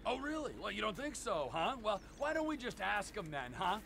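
An actor playing a volatile, unhinged middle-aged criminal in a video game, with a gravelly voice that swings between mocking menace and shouting. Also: male voice, high voice, sing-song, fairly quick, slight background noise, full character voice. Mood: taunting.

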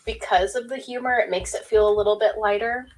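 A woman co-hosts a relaxed podcast chat, speaking at a mid pitch. She thinks aloud as she goes and often trails off mid-sentence. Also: brisk, noisy background. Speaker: podcast co-host. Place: remote call.

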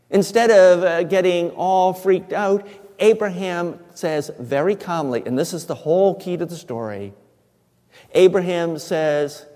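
Slow preaching man in a reverberant church. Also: fairly high pitch. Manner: slow, emphatic preaching with soft dramatic drops. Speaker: pastor. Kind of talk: sermon. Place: church sanctuary. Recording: church sermon with long hall reverb.

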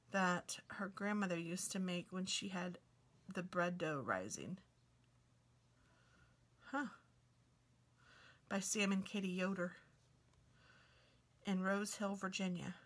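A woman's voice: medium pitch, a bit bright. A woman hosting a casual cookbook walk-through, reading recipes aloud and chatting with delighted exclamations. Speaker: craft and book video host.

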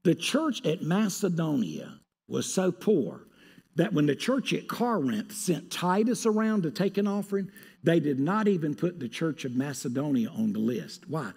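A man preaching a sermon as pastor, with an animated delivery that swings from hushed asides to loud pleading. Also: a little high, moderate pace, creaky, husky. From North Carolina.

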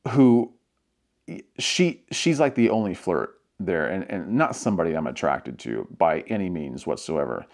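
A man's voice: deep voice, sing-song, a little slow, creaky, darkish tone. A man chatting to his viewers as a vlogger, telling a story in a rambling way with restarts and small laughs. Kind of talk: casual storytelling to camera.

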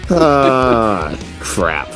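A man co-hosting a casual podcast, distracted and dry, dropping deadpan remarks. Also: mid-range voice, extremely slow, over music. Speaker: podcast co-host.

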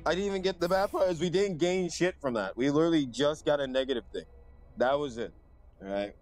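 A young man commenting casually on a video game he is playing, swearing a lot and switching between flat muttering and loud outbursts. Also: fairly high pitch, quick pace. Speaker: gamer streamer. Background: game music.

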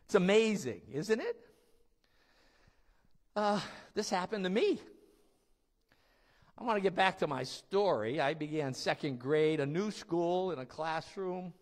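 A male pastor preaching in a church, telling his story with emphasis and the odd laugh. His voice is high and swings widely in pitch. He speaks slowly, and a long echo fills the hall. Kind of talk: sermon.

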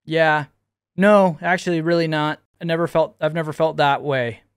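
High-voiced joking young man. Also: fairly even intonation, moderate pace, clear, resonant tone, no echo, studio quality. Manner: joking, incredulous, slangy with "bro" and "dude". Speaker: YouTube host. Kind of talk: casual meme reaction commentary.

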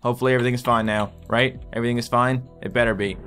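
A man giving excitable let's play commentary as he plays, swearing and yelling at his patients in a surgery game. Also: mid-range voice, very fast, soft background music. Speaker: gaming video host.

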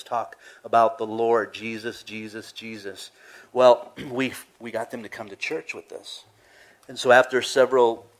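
A male pastor, preaching a casual, conversational sermon full of laughs and acted-out asides. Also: medium pitch.

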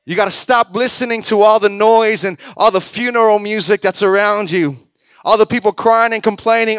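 A man preaches in a high, lively voice, shifting into quoted voices and then building to loud exhortations. The sound is close and dry, with almost no room around him. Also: fairly quick, smooth, dry recording. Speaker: pastor. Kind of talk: sermon.

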